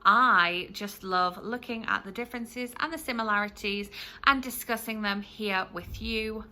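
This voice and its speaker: A woman from the UK with a bright, crisp voice, talking casually to her viewers as a book vlogger. She rambles in a friendly way, full of ums and little restarts. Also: mid-range voice. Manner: chatty, many ums and restarts. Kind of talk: casual chatty review to camera.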